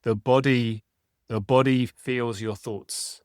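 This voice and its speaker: A man's voice: mid-range voice, fairly even intonation, takes it slowly, a little mellow, smooth, dry recording. A man in casual podcast conversation, musing aloud with frequent tag questions. His voice sits mid-range and the recording is dry and close, with no room sound. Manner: reflective, uses tag questions. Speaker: podcast host.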